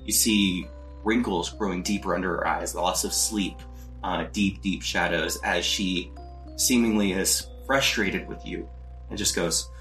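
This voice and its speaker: Low-voiced man narrating as game master. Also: steady tone, a bit bright, faint music behind. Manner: descriptive, measured storytelling.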